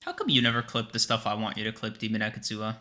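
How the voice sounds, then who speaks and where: A man's voice: lowish voice, steady tone, racing, pushed and bright. A young man co-hosting a casual podcast livestream, exasperated and swearing often as he protests. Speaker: podcast co-host.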